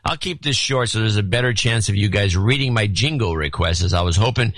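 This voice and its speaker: A man's voice: on the low side, expressive, a little fast, fairly bright tone, no room sound. Middle-aged guy cohosting, dry sarcastic asides, voice swoops up and down, dead dry room. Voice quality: dry, sardonic delivery. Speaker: podcast co-host reading donor notes. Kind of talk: casual chat.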